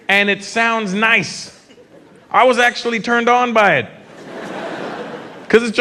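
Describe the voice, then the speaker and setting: A man in middle age performing brash live stand-up comedy on a stage mic in a large venue. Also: sits high. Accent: Canadian. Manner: brash, puts on loud shouted voices. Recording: live venue with crowd noise. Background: audience laughter.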